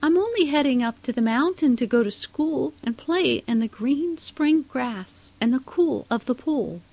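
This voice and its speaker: A woman's voice: high-pitched, expressive, moderate pace, darkish tone, pitched above the performer's own voice. A woman voicing a small, bold hillbilly girl who answers back defiantly. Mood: bright.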